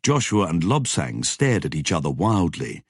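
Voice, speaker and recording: A man with a husky voice reading a novel aloud as scripted narration, measured and even. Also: low-pitched, no room sound, studio quality. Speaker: audiobook narrator.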